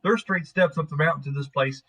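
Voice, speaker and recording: A man's voice: fairly high pitch, a little fast, a bit bright. A man narrating as game master of a tabletop game in a casual, rambling way. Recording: muffled lo-fi mic.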